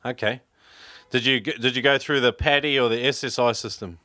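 A man from New Zealand hosting a podcast, talking in a relaxed, chatty way with lots of ums and restarts. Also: medium pitch, brisk, no echo. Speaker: podcast host. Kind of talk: casual interview chat.

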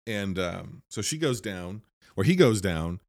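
A man's voice: low-pitched, animated, measured pace, dry recording, studio quality. A man casually recapping a horror movie plot, rambling and leaning on fillers like "like". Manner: rambling, filler-heavy, lots of "like". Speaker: film reviewer.

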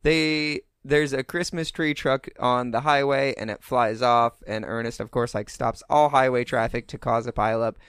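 A man co-hosting a casual podcast chat, relaxed and rambling with lots of fillers. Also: medium pitch, moderate pace, few pauses, smooth, dry recording, clean studio sound. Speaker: podcast co-host.

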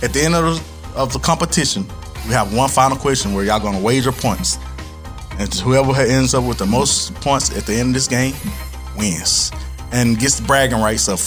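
A man's voice: medium pitch, normal speed, a bit bright, soft background music. Laid-back man hosting trivia. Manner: playful, laughing, teasing. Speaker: trivia game host. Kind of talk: casual podcast chat, quizmaster.

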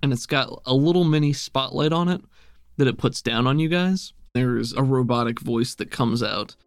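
A man narrating a tabletop game as game master in a relaxed, descriptive way with many fillers. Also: mid-range voice, normal speed, clear, resonant tone, no room sound, studio quality.

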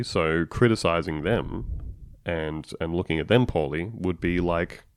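A man co-hosting a casual political chat, animated and sarcastic, acting out quotes as he goes. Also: low voice, a little slow, smooth, dry recording, clean studio sound.

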